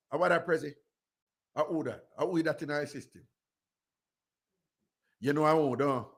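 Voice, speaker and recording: A man's voice: on the high side, normal speed, long pauses. A man with a Jamaican accent, hosting radio and telling a story in casual, rambling patois with many "you know"s. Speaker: radio host.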